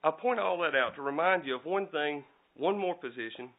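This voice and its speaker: A middle-aged lay preacher tells folksy stories in his sermon, repeating and restarting his words. His voice is fairly high and expressive, a little fast, and sounds tinny, like a phone recording.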